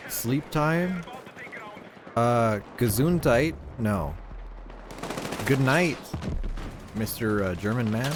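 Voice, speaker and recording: A man's voice: medium pitch, animated, very slow, long pauses, noisy background. A man streaming a shooter game, rambling in casual chat, swearing freely, with a neutral accent. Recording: loud gunfire from the game behind voice.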